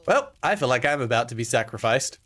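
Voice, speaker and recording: A man's voice: mid-range voice, very animated, fast talker, fairly bright tone. A male streamer giving dry, sarcastic commentary while playing a game.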